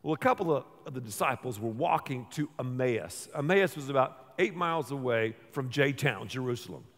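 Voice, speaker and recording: A man's voice: medium pitch, normal speed, long reverb tail. A man preaching a sermon while painting live, talking with humor and acting out the people in the story. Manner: animated, acts out quoted voices with humor. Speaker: pastor.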